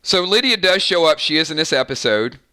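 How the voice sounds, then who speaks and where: Man, live-stream host, casual chat, bright tone, slightly high pitch, frequent restarts. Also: big pitch swings, brisk, smooth. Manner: chatty, self-interrupting, stumbles and restarts often.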